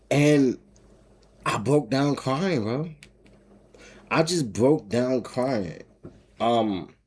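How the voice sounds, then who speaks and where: Husky-voiced man telling a story. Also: medium pitch, a little mellow. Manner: emotional, rambling with many restarts and laughs. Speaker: homestead vlogger. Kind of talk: casual storytelling to camera.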